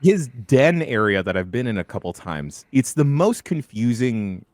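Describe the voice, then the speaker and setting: Man, podcast host, lively pitch, dry close studio sound, laughing storyteller. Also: measured pace, dry recording. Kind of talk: casual chat.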